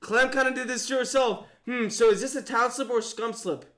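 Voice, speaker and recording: A young man with a very high, bright voice gives live commentary on his own mafia game. He's excitable, lurching from shouts of disbelief to quick muttered reasoning, and he thinks aloud throughout.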